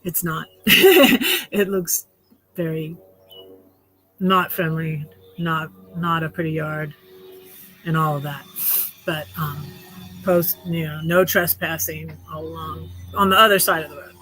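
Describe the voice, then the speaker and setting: A woman's voice: deep voice, slow, long pauses, pushed and bright, soft background music, rough recording. A woman vlogging from her tiny house, telling a casual story in a rambling way with wry, sarcastic humor. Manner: rambling, restarts often, with many fillers.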